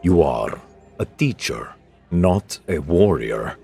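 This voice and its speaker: Male reader as stocky alien soldier: blunt, curious, low voice. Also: very animated, slow, creaky, darkish tone, breathy edge, soft background music, exaggerated voice. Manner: blunt questioning, plain phrasing.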